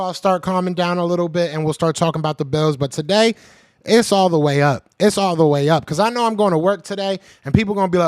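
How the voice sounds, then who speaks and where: A slightly sick man hosts a live podcast, reading chat and trash-talking in a casual, animated manner. His voice is a little high and quick, clean and echo-free, at studio quality.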